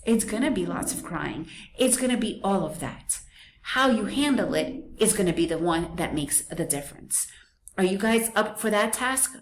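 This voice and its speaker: A woman with a medium-pitched voice hosts a parenting podcast, addressing listeners directly. Her delivery is blunt and emphatic, and she often repeats her points. The sound is reverberant.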